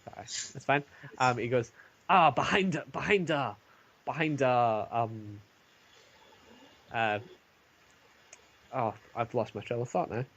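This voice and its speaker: A man running a tabletop game as game master, narrating haltingly with many pauses and restarts over an online call. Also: medium pitch, fairly bright tone, a little hiss or hum.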